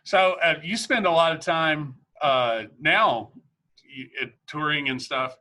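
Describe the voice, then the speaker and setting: Male host, very bright tense tone, loose rambling storyteller. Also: a little high, measured pace. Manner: rambling storyteller, many restarts. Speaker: podcast host. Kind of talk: casual conversation.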